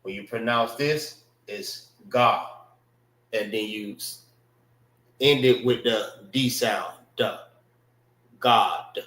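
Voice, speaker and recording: A man teaching a class, explaining slowly, repeating words and checking with his listeners. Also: mid-range voice, a bit bright, reverberant. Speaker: class instructor. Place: indoor classroom.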